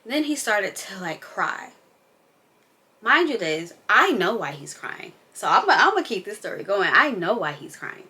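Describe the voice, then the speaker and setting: A woman's voice: mid-range voice, sing-song, unhurried, sharp tone. A young woman vlogger and mom in an unscripted casual chat, candid and emphatic, rambling as she goes.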